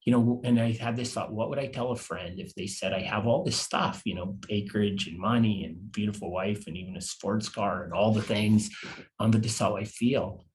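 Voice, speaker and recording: A man in his fifties speaks as a podcast guest, with a voice that sits on the low side. His delivery is halting and confessional, and he doubles back over words as he finds his way through the story. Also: fairly even intonation, a little mellow. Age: 50s. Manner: halting and confessional, repeats words as he searches for them. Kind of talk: personal storytelling interview.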